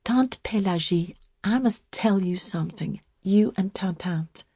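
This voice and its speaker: A woman voicing a quiet, firm young woman in a storybook reading, speaking low but clearly. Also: measured pace, no echo, clean studio sound. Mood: earnest.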